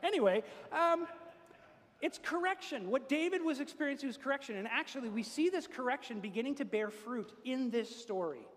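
A man's voice: very high-pitched, animated, a little fast. A man preaching a sermon as pastor, earnest and building to emphatic peaks. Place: church. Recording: long reverb of a church hall.

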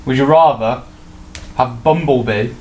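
A young man chatting casually as a podcast co-host, excitable and laughing as he rambles through explanations. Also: mid-range voice, unhurried. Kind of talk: casual chat. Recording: roomy echo with faint background hum.

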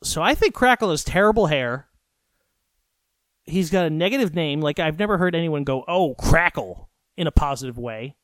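A man's voice: on the high side, animated, fairly quick, dry recording, clean studio sound. Rambling, profane male podcast host. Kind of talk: casual solo podcast monologue. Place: recorded at home late at night.

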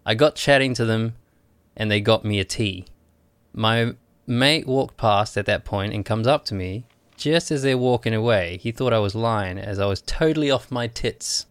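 Male co-host, English accent, mid pitch, dry close recording, wry joker. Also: smooth, dry recording. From England. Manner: dry, joking, quick asides. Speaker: podcast co-host. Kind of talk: casual chat.

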